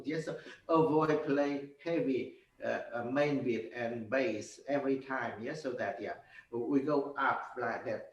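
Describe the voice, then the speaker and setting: A man giving a piano master class, coaching in halting, simple phrases with many fillers and sung notes. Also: medium pitch. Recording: roomy, from far off, with piano.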